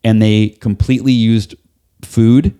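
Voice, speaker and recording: A man as a podcast guest, telling a personal story in an animated way, acting out what people said and swearing casually. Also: on the low side, measured pace, smooth. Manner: animated, acts out quoted dialogue, casual swearing. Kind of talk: storytelling in a conversational interview.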